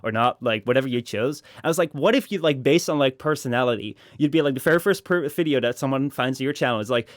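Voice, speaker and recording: A man chatting casually as a podcast guest, rambling with many fillers and restarts and slipping into high mock voices. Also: animated, fast, hardly any pauses, no room sound, clean studio sound.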